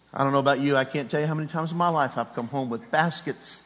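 A man's voice: medium pitch, steady tone, fairly quick, few pauses, a bit bright, in a large hall. A middle-aged man preaching a sermon, telling a personal story with rising emotion and a raised voice at its peak.

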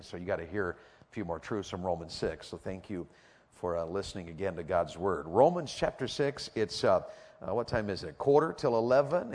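A man preaching a sermon as an evangelist, folksy and joking with the crowd, then rising to loud, emphatic exhortation. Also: sits low. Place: church or conference hall. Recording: long reverb in a large hall.

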